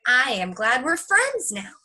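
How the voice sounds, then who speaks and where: Teacher doing shy new schoolgirl, high breathy storybook voice. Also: huge pitch swings, measured pace, pushed and bright, heavily acted. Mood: sheepish.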